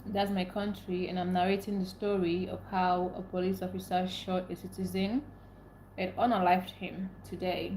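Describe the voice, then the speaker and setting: A woman's voice: lowish voice, flat delivery, normal speed, a little mellow, slight background noise. Young woman livestream host from Nigeria, upset and ranting, greets chat by name. Echoey room. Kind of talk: casual live-stream chat, reading comments.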